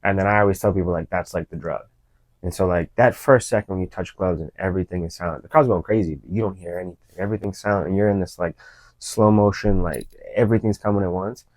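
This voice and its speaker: Fast-talking deep-voiced fighter. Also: male voice, steady tone, a little mellow, dry recording, rough recording. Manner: fast, loose storytelling with many "you know" fillers. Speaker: MMA fighter and coach. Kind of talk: casual interview chat.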